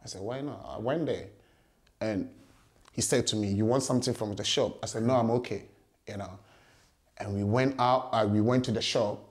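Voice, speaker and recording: A young man from Ghana with a Ghanaian accent, telling a story in a casual interview, animated and laughing often as he acts out voices. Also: on the low side, normal speed, pauses often, roomy sound. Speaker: guest boxer.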